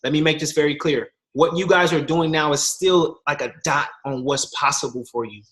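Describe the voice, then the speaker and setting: A man's voice: fairly high pitch, normal speed. A young man giving a casual motivational talk as a guest speaker, telling stories with voiced quotes. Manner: animated storytelling with voiced quotes, slangy.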